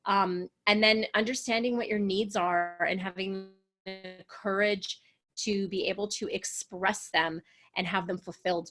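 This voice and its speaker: A woman's voice: medium pitch, steady tone, unhurried, a bit bright. Earnest encouraging woman relationship coach. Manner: earnest, encouraging, acts out quoted voices. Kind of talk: coaching session talk.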